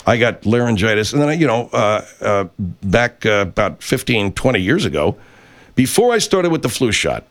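Comedy talk radio host, male, animated pitch, earnest delivery full of hesitations. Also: normal speed. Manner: hesitant, restarting, mock-earnest.

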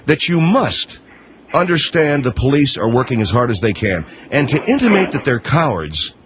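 A man's voice: medium pitch, big pitch swings, moderate pace, fairly bright tone, slight background noise, poor audio. A man hosting a radio call-in show, sounding incredulous and dryly sarcastic with a caller. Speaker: radio talk show host.

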